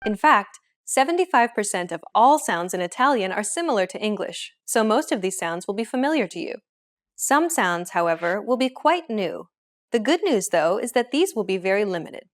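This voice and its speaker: A woman's voice: medium pitch, big pitch swings. Woman narrating a language lesson. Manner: clear, measured explaining. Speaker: host.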